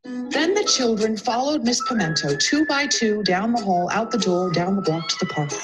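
A woman's voice: mid-range voice, normal speed, poor audio. A woman principal reads a children's picture book aloud for young pupils. Her voice rises and falls with lots of expression, and she drops in small asides. Faint music plays underneath. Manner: animated, chiming in with asides. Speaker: school principal.

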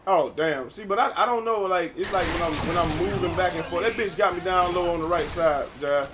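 A young man with a fairly high voice trash-talks his way through a shooter match, swearing freely and jumping into sudden yells. Gunfire and explosions from the game rattle loudly behind him, and his talk stays loose and casual in between the outbursts. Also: fairly quick, background noise. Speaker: gamer playing with a friend. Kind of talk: casual live gameplay commentary.

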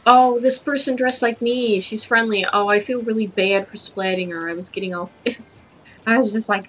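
A young woman hosting casual gaming commentary, crude, giggly and excitable, talking over her play. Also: mid-range voice, moderate pace, poor audio. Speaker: host.

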